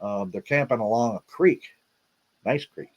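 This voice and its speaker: A middle-aged man hosts a casual livestream, rambling and repeating himself with many fillers and an occasional laid-back "man." His medium-pitched voice is darkish and measured in pace, and the recording sounds muffled.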